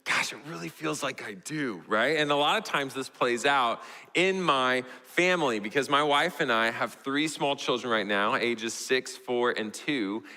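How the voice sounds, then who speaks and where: A young man with a Texan accent, a pastor telling a family story in a sermon, animated and storytelling. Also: a little slow. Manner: storytelling, animated, voices his toddler in a high squeal. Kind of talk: sermon illustration. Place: church sanctuary. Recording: church hall reverb.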